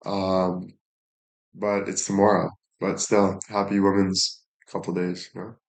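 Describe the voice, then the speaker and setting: A man's voice: deep voice, monotone, a little slow. A young man chatting casually on a live stream, thanking viewers and joking crudely with plenty of swearing. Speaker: livestreamer.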